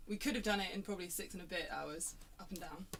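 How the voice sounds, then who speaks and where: A woman's voice: on the low side, fast, a bit bright. A woman in casual chat, telling a story with lots of laughter and fillers. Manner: chatty, laughing, many fillers and restarts. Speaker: band member chatting on a stream. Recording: background noise.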